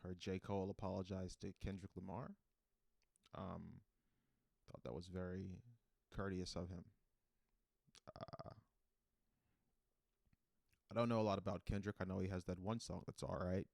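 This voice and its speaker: A man hosting a solo comedy podcast, rambling in a deadpan, self-mocking way. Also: low voice, moderate pace, vocal fry, pauses often, no room sound.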